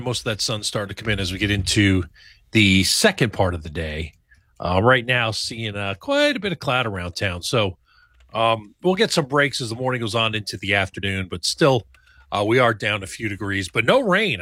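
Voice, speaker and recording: Chatty bright-voiced weatherman. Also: on the low side, no echo, studio quality. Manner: loose, conversational, many fillers. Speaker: meteorologist. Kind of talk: casual weather forecast chat.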